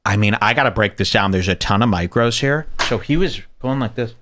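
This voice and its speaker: A man's voice: on the low side, brisk, slight background noise. A man hosting a comedic commentary on a video, ranting and swearing as he mocks what he watches. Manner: profane, ranting, animated. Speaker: host.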